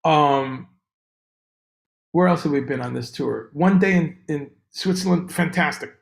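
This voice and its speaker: A man chats casually on a livestream, his voice gravelly with a touch of fry. He rambles in an animated way and calls out to viewers by name. The sound is roomy and echoey. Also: on the high side, measured pace. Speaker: livestream host. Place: room on tour abroad. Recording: echoey room.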